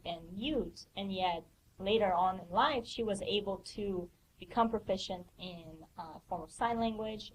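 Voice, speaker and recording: A woman asking questions in a relaxed, casual way during an academic office hour. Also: medium pitch, a little hiss or hum, low-quality recording. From grew up in the United States after moving there as a child. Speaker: student or teaching assistant asking questions.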